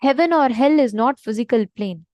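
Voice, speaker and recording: A woman leading a devotional teaching session in a fairly high voice. She speaks earnestly and emphatically, repeating her key points to stress them. The sound is dry and close, with little room echo. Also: normal speed, darkish tone, lo-fi sound. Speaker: spiritual teacher.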